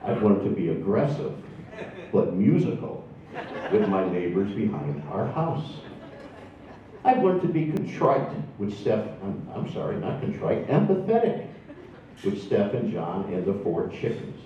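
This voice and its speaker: A man's voice: fairly low pitch, sing-song, measured pace, far from the mic, background noise. A man, telling wry, self-deprecating stories to a live audience. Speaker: storyteller. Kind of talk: stand-up storytelling. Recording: echoey room from afar, dull sound.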